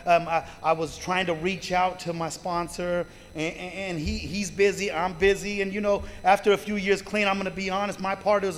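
A man's voice: on the high side, a bit bright, long reverb tail, slight background noise. A man telling a heartfelt personal recovery story to a live group, swearing freely and often turning to the crowd with "you guys". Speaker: recovery meeting speaker.

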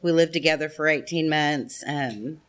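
Addressing a recovery meeting as a guest speaker, a middle-aged woman shares her story with the audience in a meeting room, heartfelt, chatty and poking fun at herself while calling everyone "y'all." She has a deep voice and speaks at a normal speed.

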